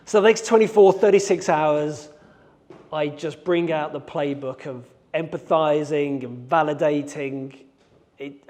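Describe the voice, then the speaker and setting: A man's voice: fairly high pitch, darkish tone. A middle-aged man giving a keynote talk on stage. He tells a dramatic story and acts out scenes and his own thoughts. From Birmingham, England. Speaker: keynote speaker, hostage negotiator. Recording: long reverb of a large hall.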